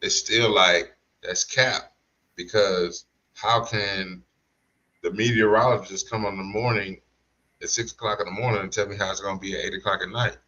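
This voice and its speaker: A man talking slowly in slangy casual podcast chat, drawing out his points. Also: lowish voice, fairly even intonation, sharp tone, lo-fi sound. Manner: slow, drawn-out storytelling with slang and restarts. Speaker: podcast co-host.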